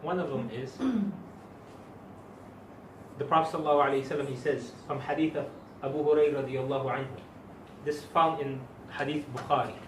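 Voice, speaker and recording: A man's voice: mid-range voice, little pitch movement, a little fast, long pauses, far from the mic, slight background noise. A man teaching a religious lesson to a class of students, emphatic and quizzing them with questions as he goes. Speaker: Islamic teacher. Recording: echoey room recorded from afar.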